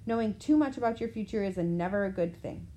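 A woman voicing a weary, wise old male centaur teacher who speaks calmly and firmly. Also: medium pitch, close to an everyday voice, poor audio. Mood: grave. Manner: calm, measured, gently firm.

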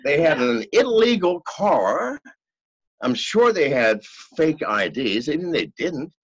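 An older man telling a story as a podcast guest, in a profane, animated way. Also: a little high, takes it slowly, breathy edge, no echo. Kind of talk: casual storytelling. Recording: dull, lo-fi, dry sound.

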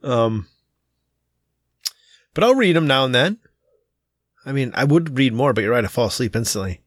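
A man in relaxed conversation, mostly asking questions and reacting to his friend's story. His voice is mid-pitched and recorded close and dry, with no room echo. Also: normal speed. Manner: relaxed, asks follow-up questions. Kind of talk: casual chat.

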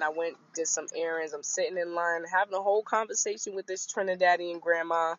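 A woman hosting a podcast, telling a personal story in a frank, animated way and acting out the people in it. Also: lowish voice, fairly quick, hardly any pauses, a little hiss or hum. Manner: animated, acts out quoted voices, frank. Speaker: podcast host. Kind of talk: casual storytelling chat. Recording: muffled lo-fi recording.

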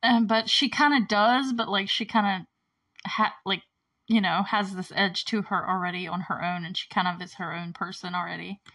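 A woman recaps a movie in a loose, casual way. Her voice sits at an ordinary middle pitch. She is chatty and laughs easily, stringing her thoughts together with "like" and "you know what I mean". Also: fairly even intonation, normal speed, a bit bright, rough recording. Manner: chatty, giggly, heavy use of "like".

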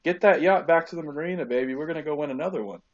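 A man's voice: a little high, rapid-fire, highs cut off, slight background noise, voice pushed up, close to an everyday voice. A man doing a brash, fired-up star quarterback. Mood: cocky. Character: cocky star quarterback, adult man, relentlessly competitive.

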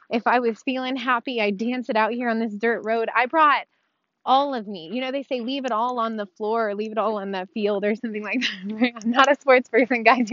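A woman with a fairly high voice speaks from the heart to her viewers, earnest and emotional, with small laughs between lines. Her voice is close and dry, with a slightly dull, muffled sound. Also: a bit bright, no echo. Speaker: vlogger sharing her recovery story. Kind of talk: heartfelt personal monologue. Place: outdoors on a dirt road.

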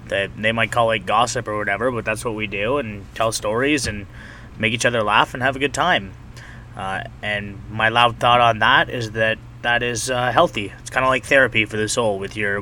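Host wrapping the show, bright tense tone, easygoing and offhand. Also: male voice, medium pitch, slight background noise. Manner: easygoing, rambling, swears offhand. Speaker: podcast host. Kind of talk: casual podcast outro.

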